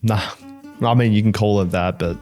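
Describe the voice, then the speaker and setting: A man's voice: fairly low pitch, fairly even intonation, normal speed, darkish tone, faint music behind. A young man with an Australian accent, a student guest chatting casually and teasing the host. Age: young adult. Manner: laid-back, teasing. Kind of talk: casual chat.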